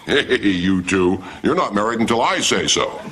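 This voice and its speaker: Sitcom: hammy minister, deep and animated, noisy room. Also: male voice, normal speed. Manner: hammy, showboating. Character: hammy wedding minister man, loves attention. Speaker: sitcom character. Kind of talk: wedding officiating.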